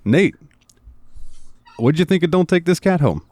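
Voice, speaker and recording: A man's voice: on the high side, big pitch swings, a little slow, noisy background. A man co-hosting a casual podcast, rambling through a game's story with lots of fillers. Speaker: podcast co-host.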